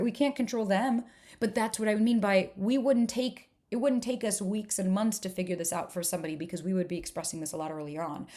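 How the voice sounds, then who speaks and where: A woman's voice: mid-range voice, mellow. A woman coach walks through her dating program in a live workshop, talking straight and unfiltered, with the odd swear word. She keeps the pace going with strings of rhetorical questions aimed at her listeners. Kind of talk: live online workshop presentation.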